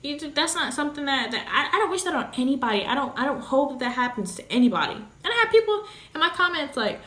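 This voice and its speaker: A woman's voice: high-pitched, very animated, fast talker, few pauses, fairly bright tone. A young woman talking candidly in a casual vlog, blunt, emotional and full of swearing. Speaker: vlogger, new mother. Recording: echoey room.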